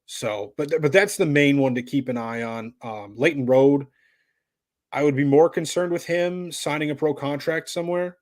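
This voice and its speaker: A man, talking casually on a podcast and rambling through his thoughts with plenty of ums and uhs. His voice sits at a middle pitch and sounds dry and close, with no room around it. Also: dry recording. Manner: laid-back, rambling with many fillers. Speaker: podcast co-host. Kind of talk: casual sports chat.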